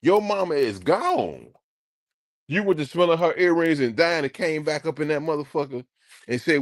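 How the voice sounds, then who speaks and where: A man streaming, ranting casually to his live chat in an animated, profane way. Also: fairly high pitch, moderate pace, no echo, studio quality.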